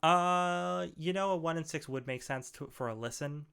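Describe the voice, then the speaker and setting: Gravelly game master describing a scene. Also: male voice, a little high, moderate pace, a bit bright. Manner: loose, filler-heavy description. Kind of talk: narrating a tabletop game.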